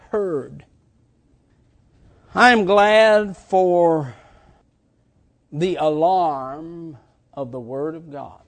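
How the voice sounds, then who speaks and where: A man preaching a sermon, swinging between shouted lines and quiet, drawn-out ones. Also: high-pitched.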